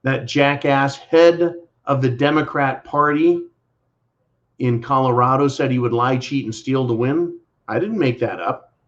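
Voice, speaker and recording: A man's voice: mid-range voice, measured pace, a bit bright, dull audio. An American man hosting his own channel, giving sarcastic political commentary and addressing his listeners as folks. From United States. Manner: mocking, repeating sarcastic catchphrases, calls listeners folks. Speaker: channel host.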